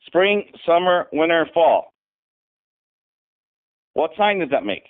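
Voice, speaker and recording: A man's voice: on the high side, big pitch swings, takes it slowly. Man on a tinny phone-like line. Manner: insistent, explaining. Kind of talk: casual livestream chat.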